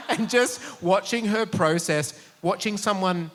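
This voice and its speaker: A man co-hosts a live podcast on stage, throwing in teasing wisecracks. His voice sits high for a man and swings widely in pitch, with a bright edge. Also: animated, normal speed, slight background noise. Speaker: podcast co-host.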